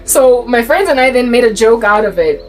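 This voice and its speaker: Animated woman telling a story. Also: on the high side, brisk, poor audio. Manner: animated, laughs often while telling. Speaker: YouTuber. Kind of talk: storytelling vlog.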